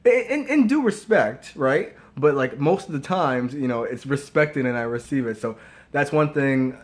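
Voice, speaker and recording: A man's voice: mid-range voice, animated, normal speed. Hesitant, joking man in casual chat. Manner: hesitant, self-interrupting, joking. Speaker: co-host, husband. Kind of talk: casual chat about marriage.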